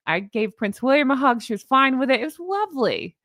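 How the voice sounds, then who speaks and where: A woman's voice: high-pitched, sing-song, a little fast, fairly bright tone, dry recording, studio quality. A woman hosting her own channel, chatting sarcastically and laughing often as she shows viewers her joke pictures. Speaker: host. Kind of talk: casual commentary vlog.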